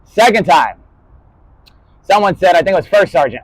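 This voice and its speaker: A man talking in a rambling spoken-word monologue, jumping between topics and swearing, his voice rising and falling in loudness. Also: high voice, animated, normal speed, gravelly, long pauses, dry recording, poor audio.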